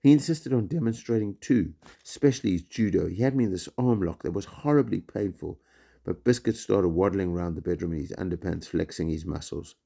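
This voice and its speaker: A man, a teacher reading a children's book aloud in a lively storytelling way. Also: low-pitched, brisk, gravelly, breathy edge. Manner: lively storytelling, voices for each character.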